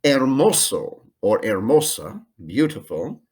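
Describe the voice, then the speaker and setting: A middle-aged man teaching a Spanish lesson from home in a recorded screencast, modeling phrases slowly and carefully with frequent ums. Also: mid-range voice, sing-song, darkish tone, slightly rough.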